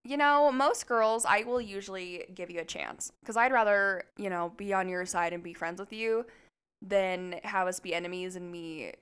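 A woman's voice: mid-range voice, normal speed, clear, resonant tone. A young woman co-hosting a podcast, telling a story in casual chat, swearing a lot and laughing as she goes. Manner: laughing, profane, animated storyteller. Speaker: podcast co-host.

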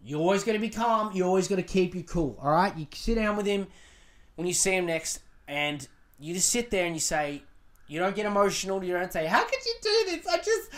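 A man's voice: sits high, brisk, a bit bright. A man hosting a podcast, giving relationship advice in a blunt, profane, emphatic rant. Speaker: podcast host.

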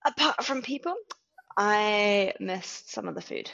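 A woman's voice: mid-range voice, animated, unhurried, creaky, fairly bright tone, lo-fi sound. A woman co-hosting a podcast over a remote call in casual chat, with a wry, matter-of-fact manner. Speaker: podcast co-host.

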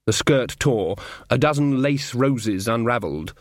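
A man's voice: mid-range voice, lively intonation, unhurried, dry recording, studio quality. A man reading a comic fantasy novel aloud as audiobook narrator, shifting his voice slightly for each character. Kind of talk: scripted narration.

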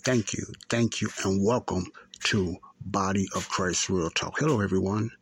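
Low gravelly man in his fifties. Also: steady tone, moderate pace. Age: 50s. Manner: rambling, repetitive, self-correcting. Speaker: podcast host. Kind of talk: casual talk and storytelling.

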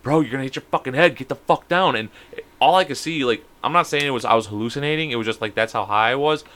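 Fast, bright-voiced man telling stories. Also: mid-range voice. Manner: rambling, profane, animated storytelling with laughs. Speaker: podcast co-host. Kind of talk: casual storytelling chat.

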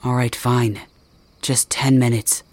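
A man's voice: mid-range voice, flat delivery, slow pace, darkish tone, no echo. A man voicing a stern young male guard in an ASMR role-play, firm and scolding but giving in. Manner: firm, scolding, speaks to listener directly.

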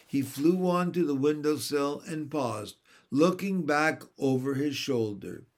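A man reads a children's story aloud at an unhurried, measured pace. His voice sits a little high and stays gentle throughout. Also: expressive. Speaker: reader. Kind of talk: storybook narration.

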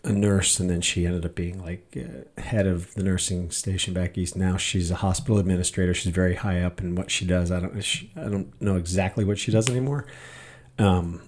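A man's voice: sits low, fairly even intonation, normal speed, a little mellow. A middle-aged man hosting a podcast, telling a story in a rambling way with many fillers and restarts. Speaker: podcast host. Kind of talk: casual monologue podcast.

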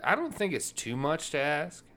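A man's voice: fairly high pitch, very animated, normal speed. A man hosting a podcast in casual, crude, joking banter, recorded in one big echoey room. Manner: crude joking, bursts into loud laughter. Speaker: podcast host.

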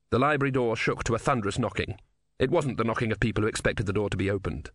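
A man narrating an audiobook with expressive storytelling. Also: on the low side, fast talker, no echo, clean studio sound. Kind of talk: scripted narration.

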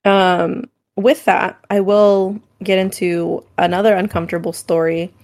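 A woman's voice: on the low side, level tone, a little slow, darkish tone. A young adult woman co-hosting a podcast, telling frank personal stories in casual chat, with many "like"s and "um"s. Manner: candid storytelling, frequent "like" and "um". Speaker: podcast co-host.

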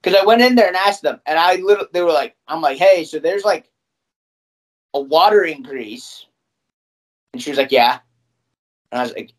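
A man's voice: on the high side, normal speed, pauses often. A young man co-hosting a podcast, ranting with frequent swearing in casual chat. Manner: ranting, profane, animated. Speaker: podcast co-host.

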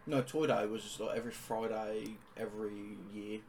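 A man's voice: fairly low pitch, steady tone, normal speed, a little mellow. A young man from England, a guest on a casual podcast, talking bluntly and teasing his friend. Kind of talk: casual chat.

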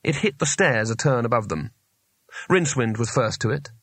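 A male narrator reads a comic fantasy novel in a measured, expressive way, with a lively, varied pitch. The recording is dry and close, with no room sound at all. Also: dry recording. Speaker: audiobook narrator. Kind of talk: scripted narration.

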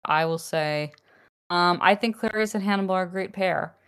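A woman's voice: fairly low pitch, moderate pace, a bit bright, clean tone. A woman co-hosting a podcast in casual chat, laughing often and poking fun at herself. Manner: laughs often, chatty and self-deprecating. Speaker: podcast co-host.

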